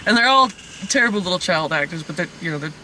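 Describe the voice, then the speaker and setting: A man's voice: high voice, lively intonation, quick pace, sharp tone, slight background noise. A man hosting a casual comedic movie review, rambling along and laughing often. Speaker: host of a movie review podcast.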